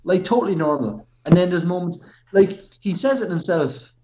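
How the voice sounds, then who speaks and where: A man's voice: sits high, animated, moderate pace, mellow, a little hiss or hum. A man co-hosting a podcast, talking enthusiastically about a film in rambling, filler-heavy chat with casual swearing. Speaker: podcast co-host. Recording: roomy echo.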